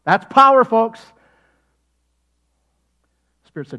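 Animated high-voiced male preacher. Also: normal speed. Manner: animated, acts out quotes with sudden loud shouts; jokey, laughs often. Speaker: pastor. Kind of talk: sermon.

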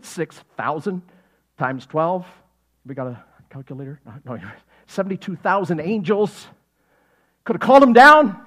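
A man preaching a sermon, animated and jokey, acting out quotes with sudden loud shouts and laughing often. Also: high voice, normal speed, pauses often. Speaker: pastor.

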